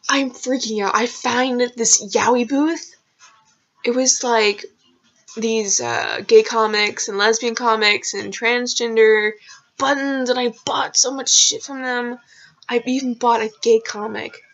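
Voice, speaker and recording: Slow-talking young woman telling stories. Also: on the high side, fairly bright tone. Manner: rambling, filler-heavy, swearing. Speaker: vlogger. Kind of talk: casual storytelling. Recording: lo-fi dull sound.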